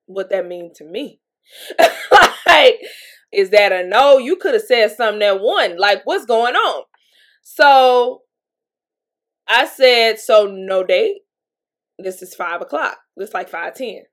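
A woman's voice: on the high side, slow, long pauses. Chatty woman telling a dating story. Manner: chatty, animated, laughs often, many fillers. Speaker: podcast host. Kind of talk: casual storytelling monologue.

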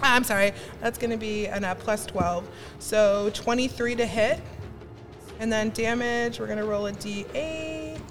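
A bubbly woman bantering playfully through a live tabletop game. Her voice sits somewhat high, with music clearly present behind her. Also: a little slow, fairly bright tone. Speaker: player. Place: convention stage, live audience.

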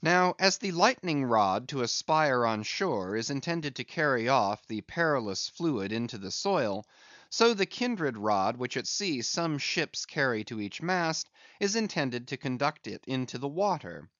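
A man reading a classic sea novel aloud as narrator, in an expressive, measured storytelling manner. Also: mid-range voice, dry recording. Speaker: audiobook narrator. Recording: dry, slightly dull recording.

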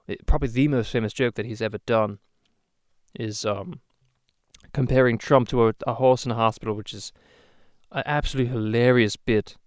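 A man's voice: medium pitch, clean tone, no room sound, studio quality. A man venting in a rambling, profane, exasperated way, in a casual rant to the camera as host of his own channel. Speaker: YouTube host.

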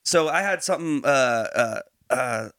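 A man hosting a podcast, moving from relaxed chat into a Bible teaching, laughing easily and using many fillers and restarts. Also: medium pitch, measured pace.

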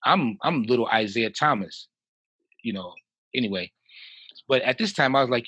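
A man in his fifties from Chicago, a house music producer telling stories as a podcast guest in a lively way, with frequent laughs and restarts. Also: mid-range voice, normal speed, long pauses, breathy edge, dry recording, poor audio. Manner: animated, laughs often, repeats and restarts. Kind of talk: casual storytelling in a podcast interview.

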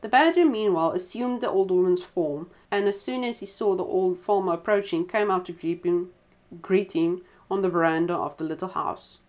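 A woman reading a folk tale aloud in a relaxed way, stopping now and then for chatty side comments. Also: fairly low pitch, normal speed. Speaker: storyteller.

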